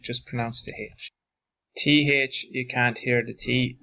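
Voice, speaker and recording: A male teacher reading out verb forms in lists and explaining their pronunciation in a slow, deliberate drill. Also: mid-range voice, level tone, gravelly, pushed and bright, rough recording.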